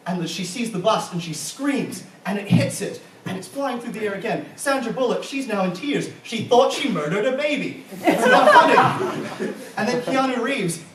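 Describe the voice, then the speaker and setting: High-voiced man ranting on a comedy stage. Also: animated, moderate pace, few pauses, recorded from a distance, noisy background. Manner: profane, incredulous ranting with frequent laughter. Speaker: stand-up comedian and compere. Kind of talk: live stand-up comedy with crowd work. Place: comedy club stage before a live audience. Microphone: handheld stage mic. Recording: echoey live room, voice off-mic at times.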